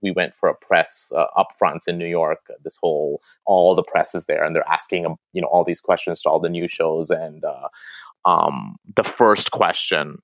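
Low-voiced guy in an interview, rambly with lots of restarts, dry close mic. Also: fairly even intonation, normal speed, no room sound. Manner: chatty, many restarts and fillers. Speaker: actor and interview guest. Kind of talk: casual interview chat.

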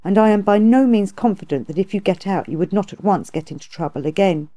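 A woman voicing a calm, compassionate female bodhisattva in a storybook reading, speaking in a measured, gracious way. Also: mid-range voice, lightly acted.

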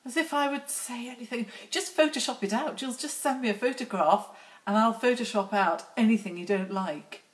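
A woman's voice: on the high side, fairly quick. A middle-aged woman hosting a casual live stream outdoors on her phone, chatty and teasing as she greets viewers by name. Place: outdoors near lambs.

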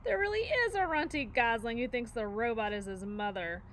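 A woman's voice: fairly high pitch, big pitch swings, normal speed, a bit bright, a little hiss or hum. A woman voicing a bossy, sarcastic young female bear who bullies others in a storybook. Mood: sneering. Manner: sarcastic, menacing.

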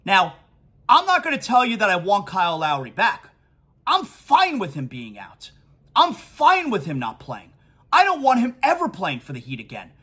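A man's voice: high-pitched, wildly swooping pitch, normal speed, pushed and bright, slightly rough. A man hosting a sports talk show, ranting emphatically and repeating his key points. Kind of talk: sports talk podcast rant.

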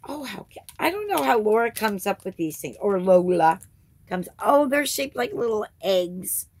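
A woman's voice: mid-range voice, very animated, moderate pace, darkish tone, husky. A woman hosting her crafting channel, chatting casually through an unboxing and gushing over each item with little gasps.

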